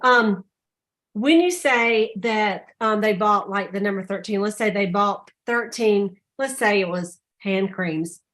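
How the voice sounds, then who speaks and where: A woman telling stories on a casual sales call, chatty and animated. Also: slow pace. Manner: chatty storyteller, acts out quotes with high voices. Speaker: sales director.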